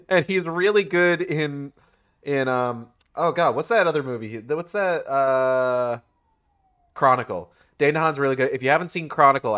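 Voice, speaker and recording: A young man streaming a game, giving a rambling, profane and animated retelling in casual commentary. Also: mid-range voice.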